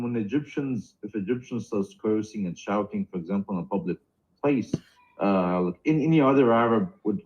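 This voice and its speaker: A man with a low voice talks in a relaxed live-stream chat. He stumbles and restarts his sentences often. The audio is dull and lo-fi. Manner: hesitant, many repeated starts and fillers. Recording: dull lo-fi sound.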